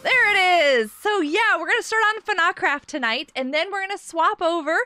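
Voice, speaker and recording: A woman's voice: very high voice, moderate pace, pushed and bright, soft background music. A woman chatting casually on a gaming live stream from a carpeted room at home, giggly and laughing often.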